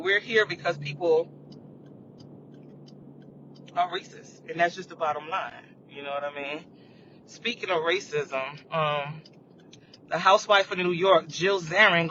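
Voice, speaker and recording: A man hosting a casual live chat, rambling about current events and checking in with viewers with "you know what I mean". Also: sharp tone. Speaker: livestream host. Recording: muffled lo-fi audio with faint rumble.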